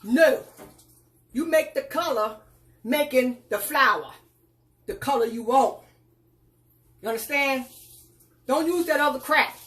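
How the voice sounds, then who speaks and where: A woman's voice: sits high, unhurried, pauses often, a bit bright. Folksy woman teaching a live cooking lesson. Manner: folksy, instructive, calls viewers child and girl. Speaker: cooking tutorial host. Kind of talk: casual live cooking demonstration.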